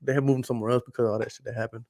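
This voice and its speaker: Brief: male podcast host, Texan accent, casual profane storyteller, mid-pitched voice, dry close recording. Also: level tone, racing, vocal fry, darkish tone, no echo. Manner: profane, storytelling, repeats phrases for emphasis. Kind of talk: casual late-night podcast monologue.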